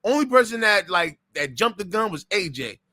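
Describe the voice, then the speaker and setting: A man's voice: sits high, sing-song, normal speed, bright, forceful tone, no room sound, clean studio sound. A man co-hosting a boxing podcast, telling a story with animation and acting out the quotes. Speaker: podcast co-host. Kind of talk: casual boxing chat.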